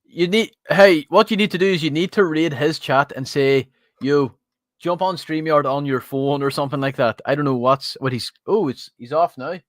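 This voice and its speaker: A man's voice: a little high, fairly quick, dry recording. A man co-hosting a livestream, joking and bantering with viewers. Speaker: livestream co-host. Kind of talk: casual livestream chat.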